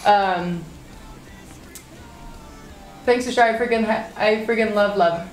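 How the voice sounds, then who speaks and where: A woman's voice: medium pitch, a little slow, echoey room, faint music behind. A woman in her thirties casually telling a story to her stream chat. She is chatty and swears freely.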